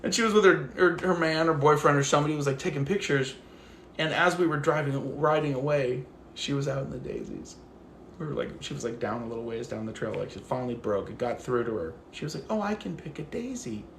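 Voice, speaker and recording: A man's voice: mid-range voice, quick pace, gravelly, roomy sound, a little hiss or hum. A man ranting casually on a phone livestream while out walking his dog, acting out the people in his stories and swearing freely. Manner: animated storyteller, acts out quotes, swears freely. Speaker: livestream host.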